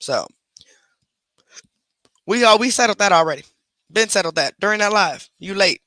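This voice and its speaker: A woman's voice: medium pitch, animated, moderate pace, sharp tone, no room sound. A woman hosting a livestream, reacting defensively and with sass to a critic. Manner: defensive, sassy, chatty. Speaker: livestream host.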